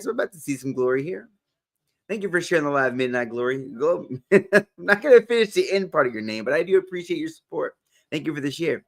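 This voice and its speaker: An upbeat man hosting a casual livestream, his voice sitting high for a man. He swings his pitch widely as he greets viewers one by one and laughs easily. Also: sing-song, moderate pace. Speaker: motivational livestream host. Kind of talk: casual live-stream chat greeting viewers.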